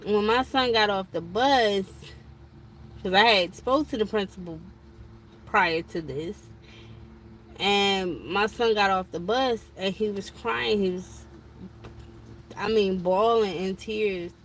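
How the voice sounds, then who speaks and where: A woman's voice: mid-range voice, takes it slowly, pauses often, slight background noise. A woman talking on a casual live stream from an eye doctor's office, telling a frustrated story about her son's school. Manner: chatty, exasperated storytelling. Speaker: vlogger.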